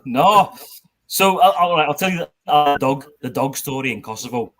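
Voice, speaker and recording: A man's voice: fairly high pitch, expressive, normal speed, a bit bright. A man in his forties, an army veteran guest, telling a rambling story with laughs and swearing. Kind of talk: casual storytelling chat.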